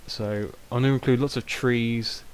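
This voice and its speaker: A man's voice: mid-range voice, fairly even intonation, moderate pace. A young British man giving rambling, self-mocking casual gameplay commentary, with many ums. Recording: noisy home recording.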